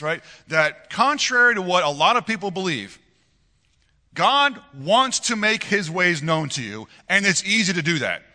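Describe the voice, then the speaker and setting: A man preaching a sermon as pastor of a church, with a loose manner. His delivery is animated and conversational, with frequent chuckles and repeated words. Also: sits high. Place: church sanctuary. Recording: long reverb of a church hall.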